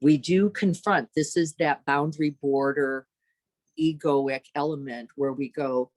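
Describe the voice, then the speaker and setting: In a dry, echo-free recording, a female meditation teacher speaks unhurriedly in a low voice. Her dharma talk is animated and exploratory, with rhetorical questions for the audience and dramatized inner voices.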